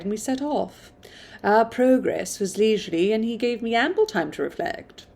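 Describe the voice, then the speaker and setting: A woman's voice: mid-range voice, gravelly, a little mellow. Woman reading a classic novel aloud. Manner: stumbles and restarts, self-commenting.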